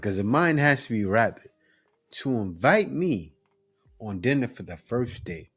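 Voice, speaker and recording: A man hosting a reaction video, giving blunt, emphatic commentary with chuckles. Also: mid-range voice.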